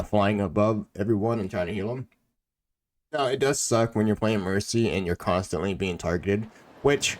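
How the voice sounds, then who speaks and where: Guy rambling over his gameplay, lots of uhs and ums, pretty laid back. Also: slight background noise. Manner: rambling, many fillers and restarts, low-key. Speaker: gaming channel host. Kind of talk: casual commentary while playing a video game.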